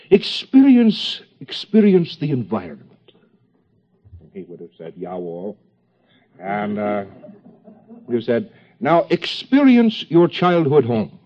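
A man giving an informal lecture to a class, rambling with joking asides and many fillers. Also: fairly low pitch. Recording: dull lo-fi old tape recording.

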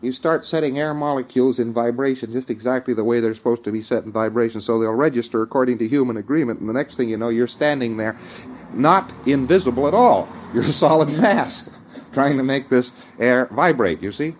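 Man, mid-pitched voice, casual lecturing, chuckles, keeps checking listeners follow, muffled lo-fi old tape. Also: a little fast, a little hiss or hum. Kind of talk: conversational lecture.

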